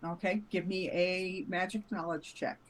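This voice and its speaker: Unhurried woman as game master. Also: fairly low pitch, fairly even intonation, low-quality recording. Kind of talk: running a tabletop game.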